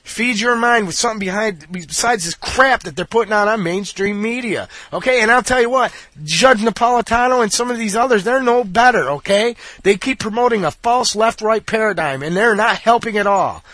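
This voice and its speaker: A man with a high voice rants angrily, blunt and repetitive, swearing as he goes. His voice sounds dry and close to the mic, with no room around it. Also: moderate pace, few pauses, a bit bright, dry recording. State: angry. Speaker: political commentator. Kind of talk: angry monologue.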